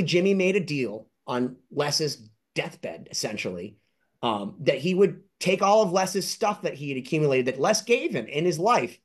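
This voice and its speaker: A man telling excited, rambling anecdotes as an interview guest and collector, acting out other people's lines in high voices. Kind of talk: casual storytelling.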